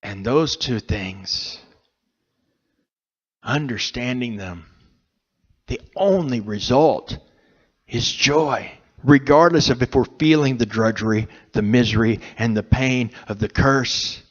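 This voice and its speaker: Slow, earnest male preacher. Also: mid-range voice, dull audio. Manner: slow, earnest, pausing between phrases. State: emotional, choked up. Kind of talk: sermon. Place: church sanctuary.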